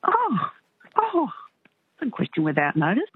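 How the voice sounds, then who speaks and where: A woman's voice: on the high side, huge pitch swings, moderate pace, breathy edge, no echo. A woman calling in to a radio quiz, hesitant and thinking aloud, heard over a phone line. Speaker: caller.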